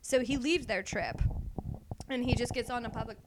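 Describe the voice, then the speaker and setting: A woman hosting a casual podcast, telling a true crime story with frequent laughter and an animated manner. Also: fairly high pitch, moderate pace, heavy background noise. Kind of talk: casual chat.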